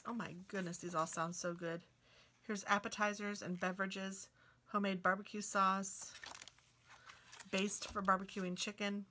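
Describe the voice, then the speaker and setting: Bright-voiced woman reading a cookbook aloud. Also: medium pitch. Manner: chatty, reacts with delighted exclamations. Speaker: craft and book video host. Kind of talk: casual book walk-through, reading recipes aloud.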